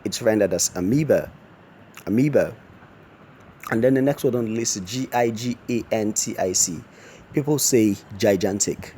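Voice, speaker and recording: A man's voice: lowish voice, brisk, warm tone, a little hiss or hum. A man teaching a pronunciation lesson, spelling words out letter by letter and then saying them with care.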